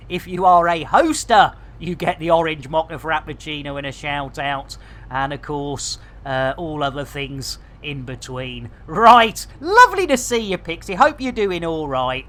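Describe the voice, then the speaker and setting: A man's voice: fairly high pitch, fairly bright tone. A man rambling casually to his chat while streaming a game. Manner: chatty, rambling, jokey.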